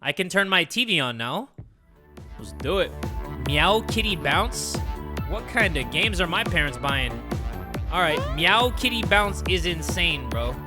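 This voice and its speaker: A young man giving joking, animated commentary on a horror game. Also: a little high, a little slow, music in the background. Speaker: gaming creator. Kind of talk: gameplay commentary.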